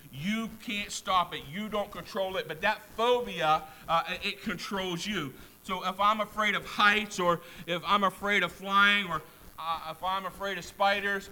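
A man's voice: high voice, sharp tone, poor audio. A man preaching a sermon, emphatic, repeating key words and putting questions to the congregation. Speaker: pastor.

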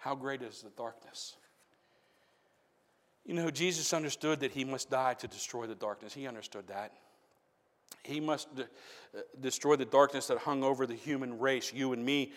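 A man preaching a sermon in a church, swinging from hushed questions to loud shouted appeals. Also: medium pitch, normal speed, big-room sound. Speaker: pastor. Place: church sanctuary.

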